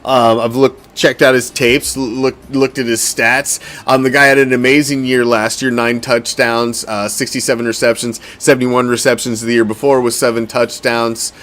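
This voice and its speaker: A man's voice: medium pitch, little pitch movement, normal speed, few pauses, fairly bright tone. A middle-aged man hosting a fan sports podcast, ranting heatedly and swearing constantly. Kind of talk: profane sports rant.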